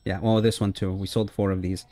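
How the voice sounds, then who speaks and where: A man's voice: low-pitched, little pitch movement, fairly quick, mellow. A man giving friendly, casual let's-play commentary on a simulation game, chatting with his viewers and dropping many "uh" fillers. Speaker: gaming YouTuber.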